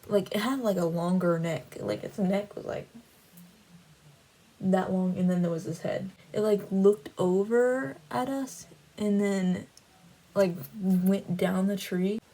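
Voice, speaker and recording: A woman's voice: mid-range voice, fairly even intonation, slow pace, mellow, low-quality recording. A woman casually recounting a dream in a rambling way, with many "like" fillers, then drawing a faith lesson from it. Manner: rambling, heavy use of "like" fillers. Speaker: Christian vlogger.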